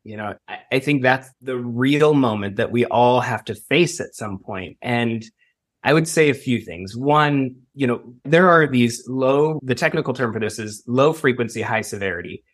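A man talks through his expert advice in an earnest, measured way. His voice sits at an ordinary mid pitch, with a conversational interview feel. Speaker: school safety expert guest. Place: Los Angeles.

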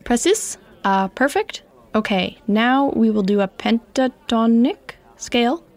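A woman's voice: on the high side, expressive, measured pace. A woman voicing a direct, upbeat Swedish woman who runs a music camp, speaking English with a Swedish accent and a plain, encouraging teaching tone.

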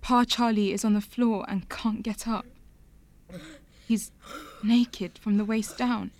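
This is a slow, unhurried narrator in an audio drama, a young woman recalling her family. Her pitch sits mid-range and she talks quietly and reflectively, letting each thought settle before the next. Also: fairly even intonation. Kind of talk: scripted first-person audio drama narration.

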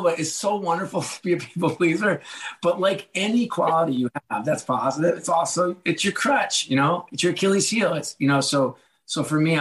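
A man's voice: mid-range voice, low-quality recording. Chatty self-mocking middle-aged man. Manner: chatty and self-deprecating, acts out quotes. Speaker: author and guest. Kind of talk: casual podcast conversation.

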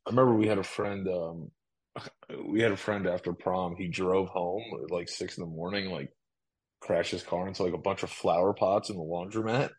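A man's voice: low-pitched, steady tone, normal speed, a little mellow, slightly rough, poor audio. A man co-hosting a podcast, chatting casually and reading an ad loosely with lots of fillers. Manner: laid-back, reads ad loosely with fillers. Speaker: podcast co-host. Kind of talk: casual chat.

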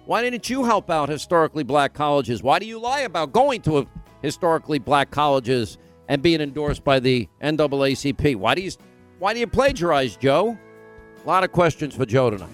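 A man hosting a political talk radio show from a remote broadcast location, firing off rapid rhetorical questions. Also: on the high side, animated, soft background music.

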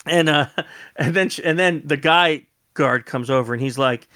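A man who works as a security consultant tells a lively story in an interview, laughing often and acting out the quotes. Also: fairly high pitch, takes it slowly, pauses often, no echo, studio quality.

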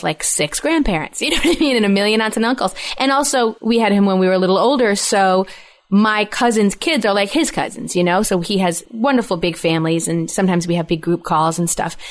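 A middle-aged woman in casual chat, telling animated stories full of laughter and acted-out quotes. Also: mid-range voice. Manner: animated storyteller, laughs often, acts out quoted voices.

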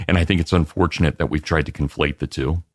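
A man answering interview questions as a guest historian, in an expansive, lecturing way with lively emphasis. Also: rumbling low, fast talker, no room sound, clean studio sound.

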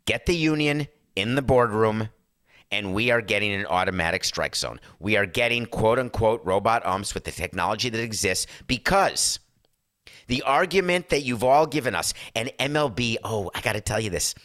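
A middle-aged man with a hoarse voice, ranting emphatically and sarcastically as a sports talk show host. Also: on the low side, expressive, normal speed, fairly bright tone, no room sound, studio quality. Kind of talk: impassioned talk-show rant.

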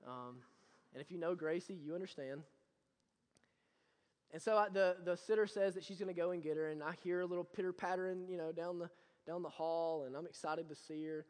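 A young male pastor preaching in a church sanctuary, his voice sitting high for a man. He shifts from hushed, intimate storytelling to loud, fervent exhortation. A long reverb trails each phrase through the large hall. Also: fairly quick. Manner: swings from quiet storytelling to loud impassioned preaching. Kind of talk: sermon.

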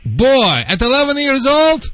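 A man's voice: very high-pitched, huge pitch swings, measured pace, pushed and bright. A man who is not a native speaker of English, a dog trainer giving radio call-in advice in broken English, laying out emphatic step-by-step instructions.

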